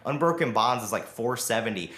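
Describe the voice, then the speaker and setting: A man co-hosting a podcast, talking fast and heatedly in a long rambling rant full of fillers. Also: mid-range voice, animated, fairly bright tone, reverberant. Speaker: podcast co-host. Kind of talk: casual podcast chat.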